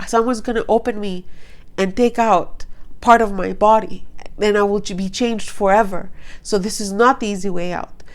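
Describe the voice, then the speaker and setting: A woman in her thirties speaks straight to camera in a personal vlog. She is earnest and impassioned, her feelings close to the surface, and she rambles and restarts as she pushes her point. Her voice sits at an ordinary middle pitch. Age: 30s. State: emotional. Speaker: vlogger.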